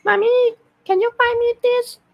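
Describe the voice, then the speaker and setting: A man's voice: very high-pitched, steady tone, moderate pace, gravelly, lo-fi sound, voice pushed up. A man voicing a begging little child in a nasal, whiny voice.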